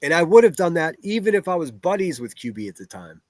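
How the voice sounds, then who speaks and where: A man's voice: on the high side, very animated, quick pace, no echo. A man ranting bluntly and profanely on a livestream, picking apart online drama and reading viewer chat aloud.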